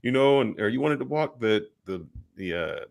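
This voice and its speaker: A man hosting an interview, asking questions with lively emphasis. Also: mid-range voice, normal speed, gravelly. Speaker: host. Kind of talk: casual interview talk.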